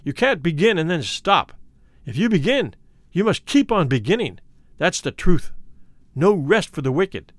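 A man's voice: fairly high pitch, big pitch swings, a little slow, no room sound. A man playing a cool, ruthless worldly doctor. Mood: persuasive. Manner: coolly persuasive, condescending.

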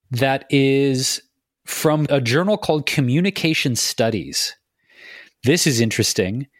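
A middle-aged man co-hosting a podcast, talking in an animated, emphatic way and acting out quoted reactions. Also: fairly high pitch, no room sound, clean studio sound. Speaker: podcast co-host. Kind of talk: conversational podcast talk.

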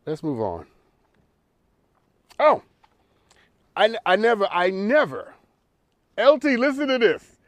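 Animated, preachy talk show host man. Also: sits high, slow, pauses often, dry recording. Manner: preachy, emphatic, repeats for effect.

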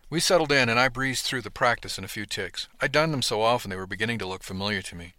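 Bright-voiced man narrating a story. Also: medium pitch, quick pace, hardly any pauses, no room sound. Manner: steady storytelling. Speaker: audiobook narrator. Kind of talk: scripted first-person narration.

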